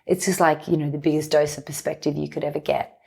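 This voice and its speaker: Aussie woman in her 30s, pretty low voice, chatting openly on a podcast, thoughtful and easygoing. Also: little pitch movement, fast, gravelly, mellow, breathy edge. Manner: open, reflective, speaks in long flowing runs. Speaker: podcast guest. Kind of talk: candid conversational interview.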